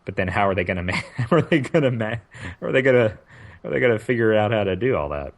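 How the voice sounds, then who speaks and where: A man with a very deep voice co-hosts a relaxed podcast conversation. He thinks aloud, circling back and restarting phrases as he builds his point. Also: fast. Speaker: podcast co-host. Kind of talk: casual chat.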